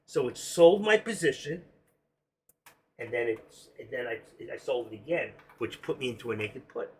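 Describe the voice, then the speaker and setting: A man hosting a live trading stream, explaining options and telling animated, excitable stories about his own trades, swearing casually. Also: medium pitch, normal speed, a little hiss or hum. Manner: explains while drawing on a chart.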